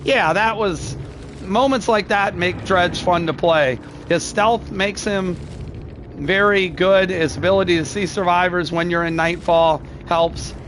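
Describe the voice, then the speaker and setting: An older male streamer with a surprisingly high voice for his gruff, curmudgeonly delivery. He breaks down a match live for his chat, stopping and restarting sentences and letting out easy chuckles between thoughts. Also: noisy background. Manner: gruff, curmudgeonly-sounding, says he is not angry; halting, restarts phrases, chuckles often. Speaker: game streamer. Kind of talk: live gameplay commentary talking to chat.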